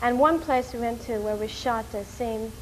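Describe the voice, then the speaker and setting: A woman from New York telling a story in an interview, animated and rushing, with many fillers. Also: on the high side, slight background noise, poor audio. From New York, USA. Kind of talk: casual storytelling.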